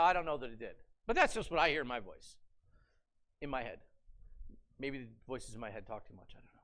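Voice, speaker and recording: This pastor, a man with a very high voice, brings scripture to life in a church sanctuary. He tells the story with animation and keeps tossing rhetorical questions to the congregation during his sermon.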